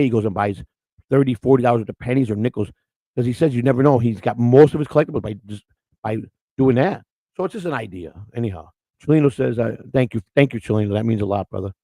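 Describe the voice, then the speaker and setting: Outspoken male co-host, fast and gravelly, spinning casual stories. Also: medium pitch, no echo. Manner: loud, outspoken, animated storyteller. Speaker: morning show co-host. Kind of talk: casual storytelling chat.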